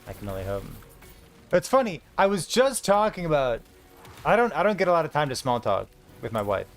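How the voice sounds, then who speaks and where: A man's voice: a little high, sing-song, a little fast, soft background music. A man in his thirties chatting casually while streaming a game, rambling through a story with lots of fillers. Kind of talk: casual gaming stream chat.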